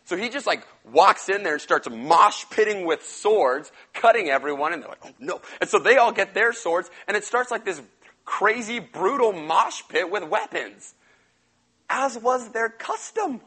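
A young man giving a casual sermon, retelling a Bible story in slangy, animated talk and acting out the characters. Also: high-pitched, normal speed, husky, low-quality recording. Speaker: pastor.

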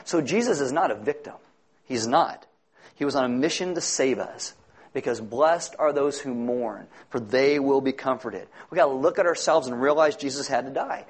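A man's voice: mid-range voice, normal speed, breathy edge. A man preaching a sermon, earnest and emphatic, quoting scripture as a pastor.

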